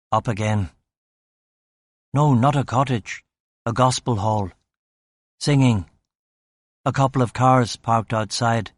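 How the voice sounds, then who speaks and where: A male audiobook narrator delivering terse, clipped first-person narration. He sits in a mid pitch, takes his time, and sounds dry and close with no room around him. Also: dry recording. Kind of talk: scripted narration.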